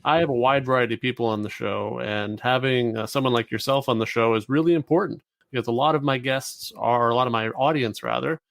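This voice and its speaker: Gravelly-voiced podcast host, dry sound. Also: male voice, mid-range voice, a little fast, hardly any pauses, no echo. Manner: easygoing, hesitant fillers. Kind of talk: casual interview.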